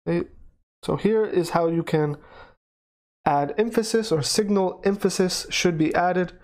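A man's voice: a little high, darkish tone. A man teaching a recorded grammar lesson, explaining step by step and checking in with a frequent "okay". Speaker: English teacher.

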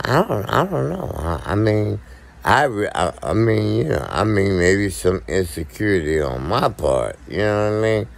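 A man with a deep, husky, gravelly voice talks straight to his viewers. He is blunt, profane and repetitive, speaking slowly with wide swings in pitch. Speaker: podcast co-host. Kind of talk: casual monologue to viewers.

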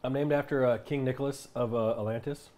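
A man streamer making deadpan, mock-serious jokes over dinner at home. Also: medium pitch, fairly quick. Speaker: streamer host. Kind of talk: casual dinner chat on stream.

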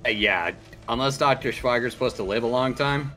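A man's voice: mid-range voice, brisk, pushed and bright, soft background music. A man playing a co-op shooter with friends, teasing and swearing casually. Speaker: co-op player. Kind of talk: casual gameplay chat.

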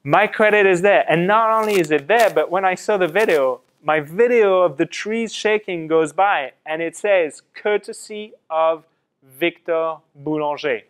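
A middle-aged man from France gives a lively classroom talk, turning to his students with questions. His voice is fairly high and smooth, and it comes through a slightly fuzzy mic. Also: moderate pace, hardly any pauses. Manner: lively storytelling, quotes others in acted asides. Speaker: guest speaker presenting to students.

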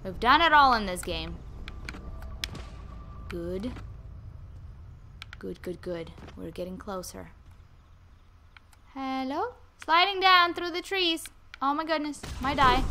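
A woman's voice: a little high, takes it slowly, pauses often, background noise. A woman hosting a gaming video, chatting casually and talking to the game's characters as she plays. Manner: chatty, talks to game characters. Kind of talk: let's play commentary.

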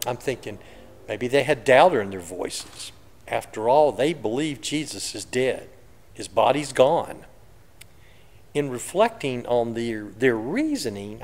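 Reflective man preaching in a reverberant church. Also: mid-range voice. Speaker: pastor. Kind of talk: sermon. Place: church sanctuary.

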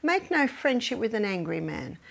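A middle-aged woman giving a health seminar that weaves in Bible teaching. She tells stories lively, laughs often, and drops to a soft whisper for emphasis. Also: mid-range voice, normal speed, gravelly. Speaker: health educator.

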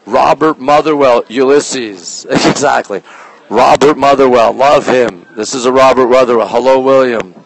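A man hosting a casual live stream from a phone as he walks through an art museum, reading out artwork titles slowly and greeting viewers by name, sometimes dropping his voice low. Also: creaky. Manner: talks low at times to keep quiet. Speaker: livestream host touring a museum. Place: indoor art museum gallery.

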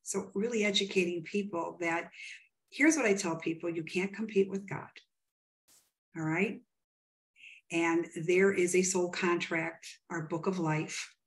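A woman from the United States, a psychic medium, retelling a client conversation with emphatic, quoted dialogue in an interview. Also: fairly low pitch. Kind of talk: animated storytelling in an interview.

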